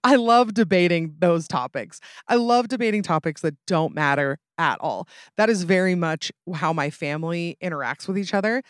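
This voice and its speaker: A young adult woman, hosting a casual solo podcast in a chatty, animated way with frequent asides. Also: lowish voice, normal speed, hardly any pauses, dry recording, clean studio sound. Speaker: podcast host.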